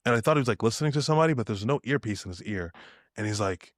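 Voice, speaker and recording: A man's voice: medium pitch, lively intonation, very fast, no echo, studio quality. A young man, a podcast guest, telling stories with spirit and acting out the lines of people in them. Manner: acts out dialogue in shifted voices, spirited. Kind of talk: animated storytelling.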